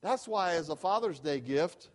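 A man's voice: a little high, animated, normal speed. A middle-aged man preaching a sermon as a pastor, stressing points with emphatic repetition.

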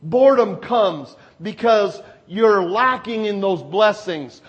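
A man preaching a sermon with emphatic, repeated phrases, swinging from loud exclamations to hushed asides. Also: sits high, expressive, takes it slowly, hardly any pauses, breathy edge.

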